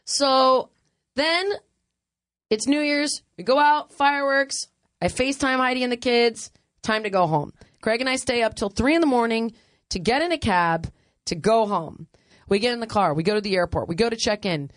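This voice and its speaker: A woman host telling a funny travel story in casual chat, animated and laughing often, acting out other people's lines. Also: a little high, normal speed, no room sound, studio quality.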